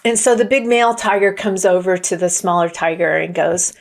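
A woman's voice: lowish voice, little pitch movement, a little fast, hardly any pauses. A woman giving a motivational talk and telling a fable in an earnest way, with frequent restarts. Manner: earnest, many restarts and fillers. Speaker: motivational speaker.

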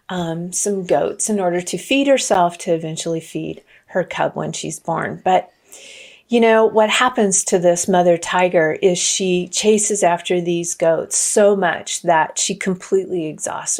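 A woman's voice: on the low side, darkish tone. Earnest woman telling a fable. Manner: earnest, many restarts and fillers. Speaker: motivational speaker. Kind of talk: storytelling motivational talk.

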